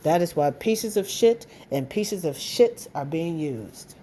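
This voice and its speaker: Heated woman ranting, mellow voice. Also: fairly low pitch, animated, slow pace, a little hiss or hum. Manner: blunt, heated, profane, repeats insults. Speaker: vlogger. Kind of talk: angry direct-to-camera rant.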